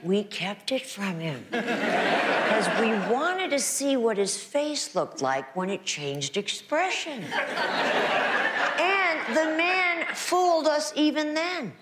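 A woman's voice: high voice, sing-song, slow pace, very noisy. A woman, an actress, telling self-mocking stories to an audience with punchy comic timing, from archival clips with laughter behind.

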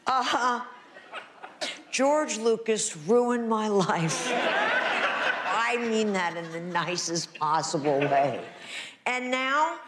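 A woman's voice: on the high side, a bit bright, a little hiss or hum. A woman, an actress, telling self-mocking stories to an audience with punchy comic timing, from archival clips with laughter behind.

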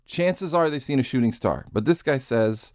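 A man's voice: mid-range voice, expressive, normal speed, a little mellow, dry recording, clean studio sound. A man hosting a podcast in casual commentary style. He sounds sarcastic and incredulous, and he swears freely. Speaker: podcast host.

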